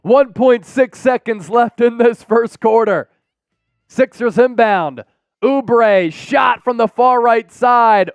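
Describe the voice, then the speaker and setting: Young guy hosting a live game stream, high voice, dry sound, excited calls and chat shout-outs. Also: dry recording. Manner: energetic, breaks into excited shouts and chants.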